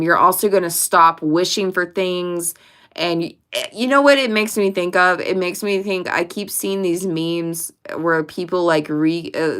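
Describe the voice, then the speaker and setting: A woman reads tarot cards for her viewers in a casual, direct way, stressing her points and swearing freely. Her voice is lowish for a woman and smooth and clear. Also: fairly bright tone. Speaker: tarot reader. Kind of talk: casual pick-a-card tarot reading to camera.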